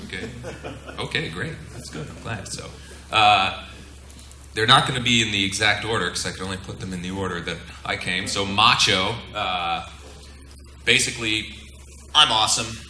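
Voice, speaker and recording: A middle-aged man teaches a room of pilots in a relaxed, joking way, often tossing questions to the audience. His fairly low voice has a very bright, forceful edge. The sound carries a roomy echo from the seminar room. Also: moderate pace, slight background noise. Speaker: flight instructor. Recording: echoey room.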